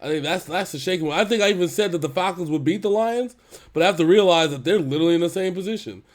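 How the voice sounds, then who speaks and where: A man co-hosting a casual football talk show, exasperated and swearing freely, breaking into quick laughs. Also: high-pitched. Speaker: podcast co-host. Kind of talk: casual sports chat.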